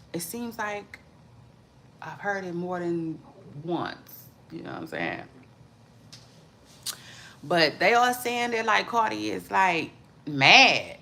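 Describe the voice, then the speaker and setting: A woman's voice: lowish voice, bright, forceful tone. A woman hosting a casual celebrity gossip livestream, drawling and loose, calling viewers "child" and repeating her catchphrases.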